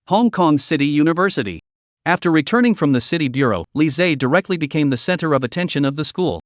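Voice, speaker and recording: A man narrates a story recap in a steady, even scripted read. His voice sits a little high, and the recording is bone dry and close. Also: fast talker, dry recording.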